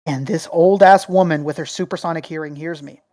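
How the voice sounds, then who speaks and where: A woman co-hosts a laid-back podcast in a lowish voice and tells rambling stories full of swearing. She talks with lots of energy and many asides. The sound is dry and close to the mic. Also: brisk, dry recording. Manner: profane, rambling, animated storyteller. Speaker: podcast co-host. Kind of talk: casual chat, storytelling.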